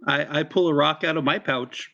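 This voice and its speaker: A man's voice: a little high, fairly even intonation, moderate pace, creaky, pushed and bright, muffled recording. A man playing in a tabletop game, eager and rambling with fillers. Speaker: player. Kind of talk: tabletop role-play chat.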